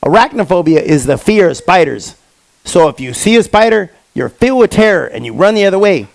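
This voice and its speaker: A man doing a stand-up comedy set on stage, telling stories with lively quoted voices. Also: high voice, a little fast, gravelly, no echo. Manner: animated storytelling with quoted voices. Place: comedy stage before a live audience.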